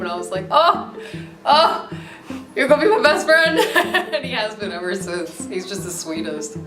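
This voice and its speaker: A young adult woman from Maryland, talking casually in a documentary interview with lots of fillers and easy laughter. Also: on the low side. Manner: casual, chatty, many fillers, laughs easily. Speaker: interviewee, dog owner. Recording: echoey room.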